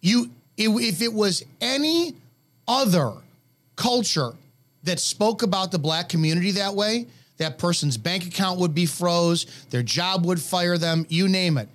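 A man's voice: high-pitched, expressive, a little slow, fairly bright tone. A man co-hosting a radio talk show, ranting bluntly and heatedly with plenty of profanity.

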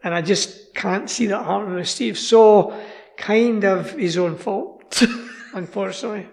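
A man's voice: high voice, unhurried, creaky, darkish tone, long reverb tail. A Scottish man chatting as a radio guest, rambling with plenty of asides. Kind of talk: casual radio chat.

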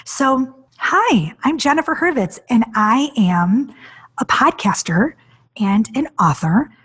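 A woman in her forties hosting a podcast, telling her own story in an animated, emotional way. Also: slow pace, slightly rough. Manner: animated, acts out quoted voices with big pitch jumps; emotional, near tears. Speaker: podcast host. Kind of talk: personal storytelling monologue.

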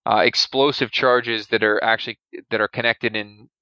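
A man's voice: on the low side, steady tone, moderate pace, bright, forceful tone, clean tone, dry recording, dull audio. A man co-hosting a podcast, enthusiastically talking through film scenes and explaining military weapons and terms. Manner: explanatory, gun-knowledgeable, enthusiastic. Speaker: podcast co-host. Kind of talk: casual movie discussion.

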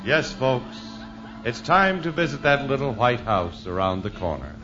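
A man's voice: big pitch swings, unhurried. A male announcer introducing a sketch in formal 1950s radio style. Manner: booming, formal. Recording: dull old radio broadcast with music.

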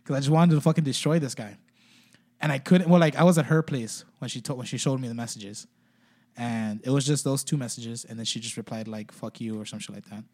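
Fast-talking man, rambling and swearing. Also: mid-range voice, darkish tone. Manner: rambling, heavy swearing, many "like" fillers. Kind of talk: casual podcast chat.

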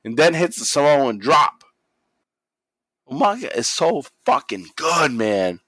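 Recorded with no room sound, this man's voice sits on the high side and moves at a slow pace. He's co-hosting a podcast, swearing liberally as he animatedly retells a wrestling story and acts out what people said.

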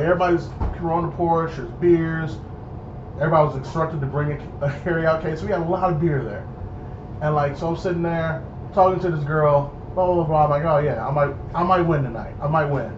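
A young man telling a casual story, animated and acting out the people in it. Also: a little high. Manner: animated, acts out voices in his story. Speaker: storyteller guest. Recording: echoey dull room with noise.

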